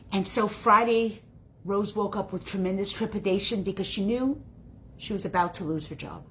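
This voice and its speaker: Bright-voiced woman teacher telling a story. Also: mid-range voice, moderate pace, slight background noise. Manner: dramatic, expressive. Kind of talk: storytelling lesson.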